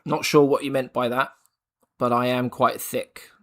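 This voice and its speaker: A man's voice: mid-range voice, flat delivery, unhurried, fairly bright tone. A man co-hosting a painting stream who jokes around and reads viewer comments aloud in a casual chat. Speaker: co-host reading chat.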